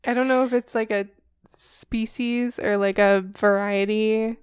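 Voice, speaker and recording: A woman's voice: fairly high pitch, steady tone, a little slow, clear, resonant tone, dry recording, studio quality. A woman co-hosting a casual podcast, giggling often as she reads reviews aloud. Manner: giggly, laughs between lines. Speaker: podcast co-host.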